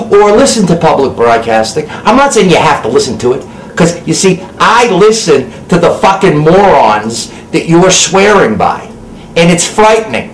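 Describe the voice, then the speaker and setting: A man delivering an angry, profane political rant with constant swearing and loud bursts. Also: a little high, reverberant, a little hiss or hum, rough recording. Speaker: actor ranting on camera.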